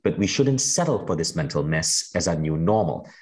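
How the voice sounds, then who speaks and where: A man's voice: deep voice, expressive, normal speed, poor audio. A man hosting a podcast interview, introducing his guest with upbeat enthusiasm. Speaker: podcast host.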